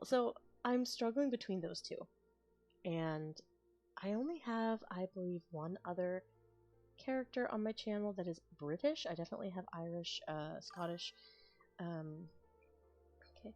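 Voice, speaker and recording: Woman, ASMR creator, casual stream chat, rambling, thinks aloud, lowish voice, faint background music. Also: normal speed. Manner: rambling, thinks aloud with restarts and soft laughs.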